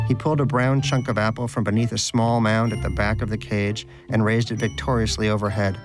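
A man narrating a storybook in a dry, wry, measured manner. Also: lowish voice, steady tone, over music.

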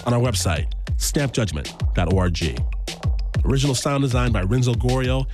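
Man, radio host, outro credits, mid pitch, music bed. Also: lively intonation, moderate pace.

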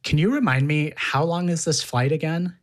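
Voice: mid-range voice, normal speed. A curious interviewer with a mid-range voice asks follow-up questions. This speaker reacts often with brief, surprised interjections.

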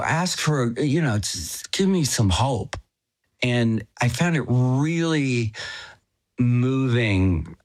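A middle-aged man speaks slowly and thoughtfully, in a voice of ordinary pitch. His delivery is halting and reflective, with frequent "you know" fillers, restarts and soft chuckles. The recording is close and dry, with no room sound. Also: dry recording. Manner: chuckles as he talks. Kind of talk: casual personal storytelling.

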